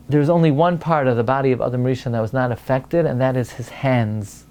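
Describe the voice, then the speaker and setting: A man, a rabbi, giving a Torah lecture, asking rhetorical questions and rising to an excited high pitch to make a point. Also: a little fast, hardly any pauses, clear, resonant tone. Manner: peppers English with Hebrew and Aramaic terms, asks rhetorical questions.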